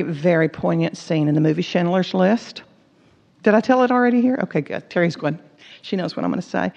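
A woman's voice: mid-range voice, a little mellow. A woman teaching a sermon, earnest and emphatic, repeating words for stress. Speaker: Bible teacher. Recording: dull recording with long hall reverb.

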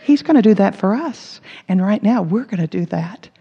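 Gravelly woman preaching in a hall. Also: mid-range voice, expressive, moderate pace, mellow. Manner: earnest, emphatic, repeats words for stress. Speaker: Bible teacher. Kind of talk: sermon. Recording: dull recording with long hall reverb.

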